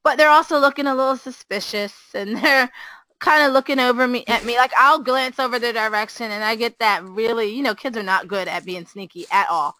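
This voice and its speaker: A woman, a preschool teacher, chatting casually and telling an animated story, acting out the quotes with a higher voice. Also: a little fast, no room sound, low-quality recording.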